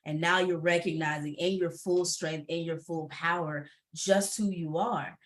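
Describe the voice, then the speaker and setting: A woman's voice: fairly low pitch, steady tone, measured pace. A woman who coaches entrepreneurs, speaking candidly and emphatically on a panel over a video call, laughing often.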